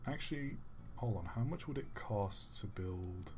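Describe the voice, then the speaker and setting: A man's voice: fairly low pitch, animated, unhurried, slight background noise. A man streaming a game live, thinking aloud as he plays and joking with his chat. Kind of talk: live gameplay commentary.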